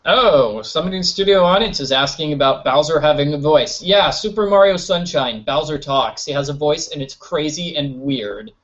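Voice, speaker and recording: A man's voice: a little high, moderate pace, hardly any pauses, fairly bright tone. A man giving casual, rambling gameplay commentary, joking at his own expense and stumbling over restarts. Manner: rambling, self-mocking, stammering restarts. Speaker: let's play commentator. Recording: dull lo-fi recording.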